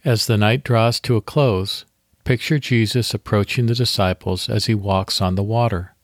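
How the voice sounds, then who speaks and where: A man hosting a devotional podcast, reading scripture slowly and leading a guided meditation. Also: lowish voice, fairly even intonation, dry recording, studio quality.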